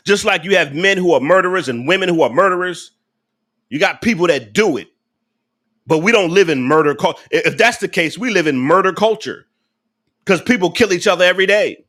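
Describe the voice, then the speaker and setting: A man's voice: sits high, expressive, fairly quick, fairly bright tone. A man hosting a live reaction stream, ranting in an angry, preachy and profane way. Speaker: host of a live reaction channel.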